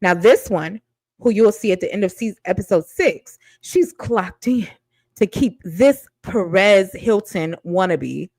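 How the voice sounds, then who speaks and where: A woman's voice: medium pitch, lively intonation, unhurried, darkish tone, dry recording, low-quality recording. A woman giving blunt, sassy commentary on a reality dating show, casual and mocking.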